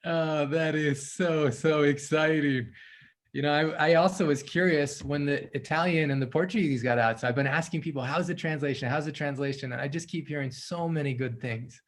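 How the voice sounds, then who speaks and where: A man's voice: on the high side, steady tone, normal speed. A man hosting a video call with translators, talking in an effusive, upbeat way and laughing often. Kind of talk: casual video call chat.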